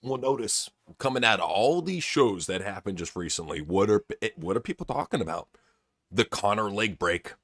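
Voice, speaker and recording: A man with a low voice, hosting a casual podcast and giving blunt, opinionated takes full of swearing. The sound is dry and close to the mic. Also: expressive, normal speed, a bit bright, no room sound. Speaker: podcast host.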